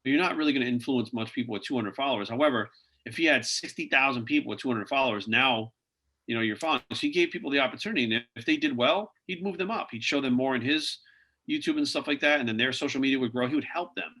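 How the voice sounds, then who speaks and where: A man's voice: mid-range voice, fast, bright, forceful tone. A man as a podcast guest, telling rambling anecdotes in casual interview talk, full of "like" and "you know".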